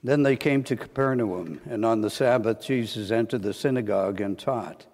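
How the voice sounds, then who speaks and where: A clergyman reading the Gospel aloud at Mass in a measured, formal proclamation. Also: fairly low pitch, darkish tone, slight background noise. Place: church. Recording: long church reverb.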